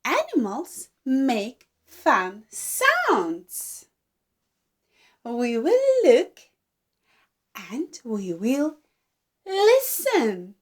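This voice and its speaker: A woman teaching babies to talk, speaking gently and slowly in single drawn-out words, with exaggerated animal sounds to copy. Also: sits high, wildly swooping pitch. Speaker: baby speech teacher. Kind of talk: slow modelled speech for babies.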